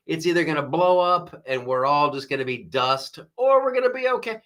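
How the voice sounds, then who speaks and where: Male live-stream host, bright tone, animated comic commentary. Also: on the high side, moderate pace, few pauses. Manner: animated, jokey, mimics voices, laughs often.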